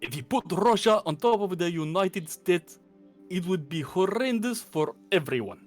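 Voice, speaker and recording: A man's voice: high-pitched, lively intonation, normal speed, faint music behind, voice pushed up. A man voicing a joking man with a put-on Eastern European accent. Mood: mock grave.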